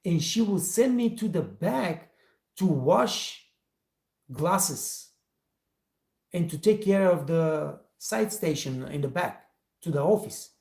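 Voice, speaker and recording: A man's voice: on the high side, animated, takes it slowly, gravelly, long pauses, darkish tone, roomy sound. A man hosting a training channel, telling a motivational story and speaking straight to his viewers in emphatic, non-native English. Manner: emphatic, addresses listeners directly, non-native English phrasing. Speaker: host, restaurant trainer.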